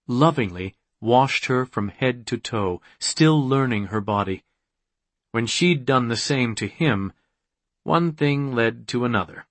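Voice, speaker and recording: A man reads novel narration in a measured, unhurried way. His voice sits at a middle pitch and moves slowly. The recording is dry and close with no room sound. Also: expressive, no room sound. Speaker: audiobook narrator. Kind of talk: scripted narration.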